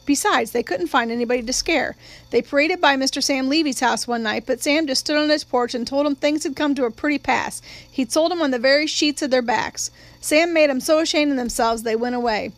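A woman reading the part of a calm, patient small-town lawyer father, speaking quietly and evenly. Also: sits high, fairly quick, no echo. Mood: measured.

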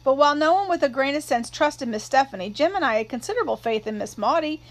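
A woman reads a novel aloud in a steady, even storytelling manner. Her voice sits high for a woman. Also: fast talker, rough recording. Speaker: narrator. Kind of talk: audiobook narration.

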